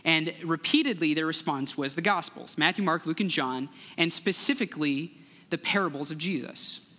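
A young man giving a sermon as a guest speaker, telling a story in an earnest, measured way and acting out the voices in it. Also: on the high side, pushed and bright. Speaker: guest speaker, church relations director. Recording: long hall reverb.

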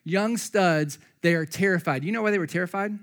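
Pastor guy preaching, lively, kinda high voice, acts out the bible bits. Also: fairly quick. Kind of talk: sermon.

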